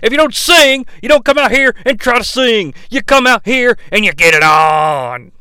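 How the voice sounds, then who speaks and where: A man putting on an impression of an excitable male wrestling commentator who shouts catchphrases. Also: very high-pitched, moderate pace, clean tone, dry recording, voice pushed up, exaggerated voice. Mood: boastful.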